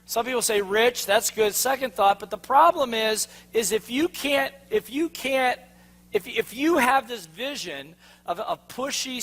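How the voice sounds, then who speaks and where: A man's voice: very high voice, fairly bright tone. A man giving a sales seminar to a live audience, quizzing them with fill-in-the-blank questions. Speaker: sales trainer. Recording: long hall reverb.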